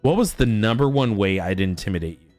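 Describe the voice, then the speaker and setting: A man's voice: lowish voice, fairly quick, dry recording, soft background music. A man streaming a game, telling stories about his toddler in a casual, swearing chat. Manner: animated storytelling, swearing. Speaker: father.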